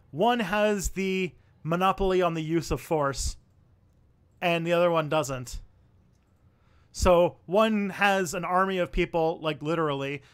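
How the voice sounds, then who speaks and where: A young man hosts a casual livestream, rambling through viewer questions and thinking aloud with fillers and restarts. His voice is fairly high and smooth.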